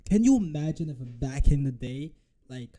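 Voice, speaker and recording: A man reacting live to a press conference clip, swearing often and mocking the speakers with quick impressions. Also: on the high side. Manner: profane, animated, mocks with impressions. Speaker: reaction streamer.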